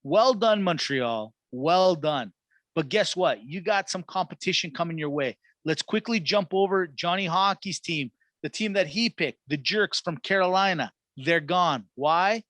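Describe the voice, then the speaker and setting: A man co-hosting a sports podcast in casual chat, animated and hyped, acting out quotes as he talks. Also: sits high, a little slow, no room sound. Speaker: podcast co-host.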